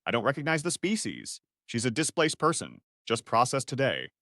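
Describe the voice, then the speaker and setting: A steady, unbothered four-armed alien barkeep, read by a man, measured replies with a lively pitch, close and dry. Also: no echo, heavily acted. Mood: calm. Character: calm four-armed alien male bartender.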